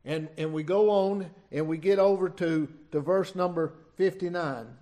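A middle-aged man preaching an informal sermon, reading scripture and retelling it in a folksy, halting way. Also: high voice, mellow. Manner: folksy, halting, many restarts and asides.

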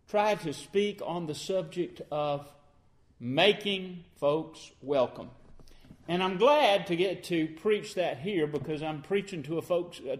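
A man preaches a sermon, walking his listeners through scripture line by line. His voice sits a bit high for a man, and his delivery is earnest and plainspoken. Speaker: pastor.

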